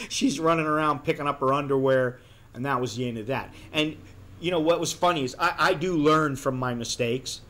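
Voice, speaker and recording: A man's voice: mid-range voice, fairly bright tone. An American man vlogging casually, telling a candid story bluntly and acting out the dialogue. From United States. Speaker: expat vlogger.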